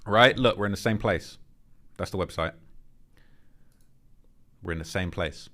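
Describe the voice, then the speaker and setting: A man's voice: low-pitched, measured pace, very noisy. A man hosting, walking viewers through video footage in a conspiratorial, hinting commentary style. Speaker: host. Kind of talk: casual commentary.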